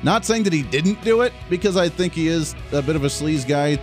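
A man's voice: fairly high pitch, lively intonation, a little fast, over music. A man hosting a political talk radio show in a casual, sarcastic way, laughing at his own jokes.

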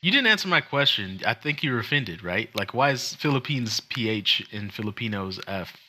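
A man with a low voice co-hosts a relaxed podcast. His tone is bright and forceful as he jokes, teases, and reads crypto headlines slowly and carefully. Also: slight background noise. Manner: joking and teasing, reads articles slowly and deliberately. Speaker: podcast co-host. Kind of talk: casual chat and reading news headlines aloud.

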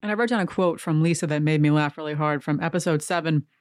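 A woman's voice: deep voice, fast, dry recording. Chatty woman hosting a dry recap podcast. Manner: chatty and giggly, playful asides. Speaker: podcast host. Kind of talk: casual reality-TV recap commentary.

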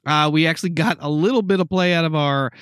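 A man's voice: fairly high pitch, fairly bright tone, smooth, dry recording, studio quality. Upbeat man rattling off game stats. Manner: rapid stat rundown, emphatic "count 'em". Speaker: sports podcast co-host. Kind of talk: casual sports chat.

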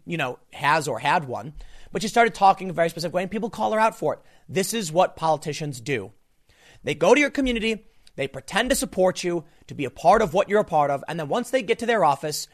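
A man delivering a solo political commentary monologue, emphatic and full of rhetorical questions. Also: on the high side.

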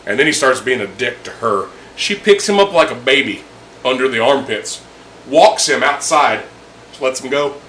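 Bright, punchy man, swearing storyteller, casual drinking chat. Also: mid-range voice, normal speed, slight background noise, low-quality recording. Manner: profane, animated storytelling with laughs. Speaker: storyteller among friends. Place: indoors with friends.

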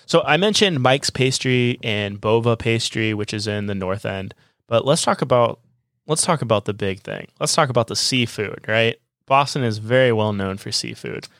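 A man's voice: mid-range voice, lively intonation, normal speed, a bit bright, no room sound, clean studio sound. A man co-hosting a casual travel podcast, recommending places to listeners with enthusiasm. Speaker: podcast co-host.

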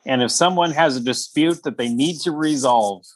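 A man's voice: medium pitch, moderate pace, dry recording. A man hosting a casual podcast chat, teasing his guests with wry banter. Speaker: podcast host.

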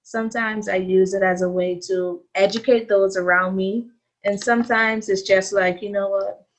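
Bahamian woman, student guest, interview, animated storytelling, acts out quoted lines. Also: mid-range voice, moderate pace. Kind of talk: interview conversation.

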